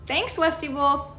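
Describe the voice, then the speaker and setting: In her casual livestream, the host chats with viewers and answers their comments bluntly, profanely and with lots of rambling fillers. She has a high, bright voice with a forceful tone, heard in an echoey room with faint background noise.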